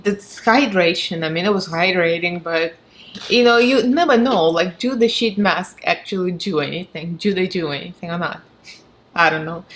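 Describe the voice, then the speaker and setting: A woman's voice: mid-range voice, fairly bright tone. A woman with a Russian accent giving a chatty, frank and sarcastic product review, laughing often. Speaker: beauty vlogger.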